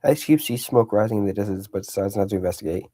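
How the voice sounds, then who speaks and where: A man's voice: on the low side, quick pace, mellow. A man streaming casually, out of breath, reading game events aloud with rambling, jokey asides.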